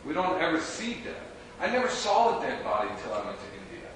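Man, casual talk to a group, slightly high voice, echoey room, distant mic. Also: wildly swooping pitch, quick pace, a bit bright. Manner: chatty, laughs often, asks the audience questions. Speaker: spiritual teacher giving a talk. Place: room with a small audience. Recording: roomy and echoey, from far off, noisy.

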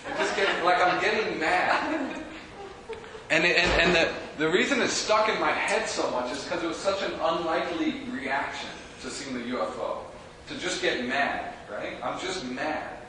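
A man's voice: a little high, moderate pace, sharp tone. Chatty man with a roomy far-off sound. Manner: chatty, laughs often, asks the audience questions. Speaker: spiritual teacher giving a talk. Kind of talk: casual talk to a live group. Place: room with a small audience. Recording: roomy and echoey, from far off, noisy.

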